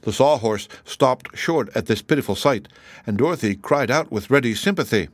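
A man narrates an audiobook with an expressive, animated delivery at a mid pitch. The sound is close and dry, with no room behind it. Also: normal speed, dry recording. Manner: expressive, even storytelling.

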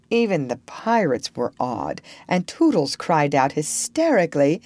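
A woman reading a storybook aloud in a slow, expressive manner as narrator. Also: low voice, no room sound.

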